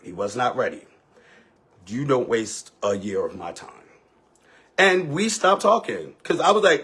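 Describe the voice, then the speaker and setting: A man on a livestream, telling a dramatic story in a casual, profane way, swinging between loud outbursts and hushed asides. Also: medium pitch, very animated, measured pace, breathy edge.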